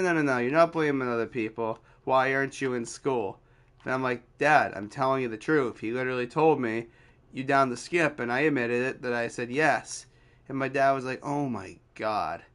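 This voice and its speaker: A young man with a smooth, clear voice recounts a story in a laid-back, rambling way. He uses lots of fillers and slips into quoted back-and-forth dialogue at a middle pitch. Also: fairly bright tone. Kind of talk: casual storytime.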